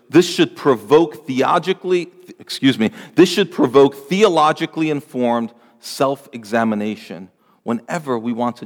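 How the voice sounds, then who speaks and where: Male pastor, mid-pitched and earnest, preaching with a long hall echo trailing his words. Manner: earnest, pleading, rising emphasis on lists. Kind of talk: sermon.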